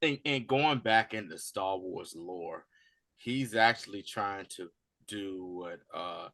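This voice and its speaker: A man co-hosting a casual review chat, chatty and quick to laugh, explaining background lore. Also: sits low, fairly bright tone, dry recording. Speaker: podcast co-host.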